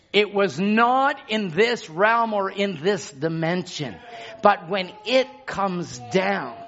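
A man preaching a sermon, repeating phrases and swinging from hushed tones to shouts. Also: high voice, dull audio.

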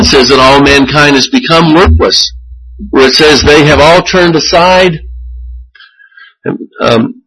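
A man preaching a sermon as pastor, earnest and measured, often restarting his phrases. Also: on the high side, a bit bright, breathy edge, low-quality recording.

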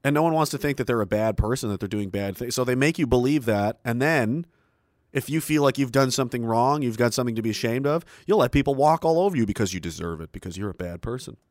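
A middle-aged man from Canada launches into a combative, profane rant. His tone is mocking and defiant. His voice sits at an ordinary pitch and sounds dry and close, with no room echo. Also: animated, fast. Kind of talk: ranting monologue.

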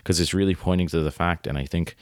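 Very deep-voiced man discussing a story. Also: steady tone, fast, dry recording, clean studio sound. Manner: enthusiastic, filler-heavy, often tags "right?". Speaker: podcast host. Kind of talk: casual literary discussion, reading quotes aloud.

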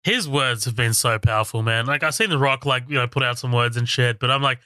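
Bright-voiced man recapping a film. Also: medium pitch, a little fast, dry recording, clean studio sound. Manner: laid-back, profane, recaps scenes with chuckles. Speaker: podcast co-host. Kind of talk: casual movie recap chat.

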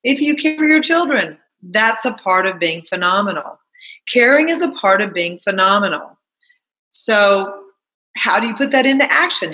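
A bright, clear-toned woman talks straight to her listeners in a motivational monologue. She keeps things chatty and animated, piling up rhetorical questions and acting out little stories. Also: medium pitch, low-quality recording. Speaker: self-help talk host.

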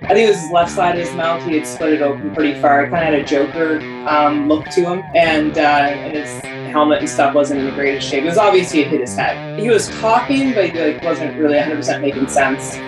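A woman's voice: sits low, fairly quick, hardly any pauses, far from the mic, music in the background. Chatty woman in a roomy space. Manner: chatty, with many fillers. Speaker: interviewee. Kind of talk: casual storytelling.

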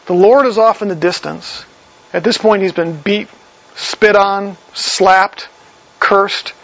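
A man preaching a sermon in a conversational way, reading verses aloud and explaining them. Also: high-pitched. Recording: slightly dull lo-fi recording.

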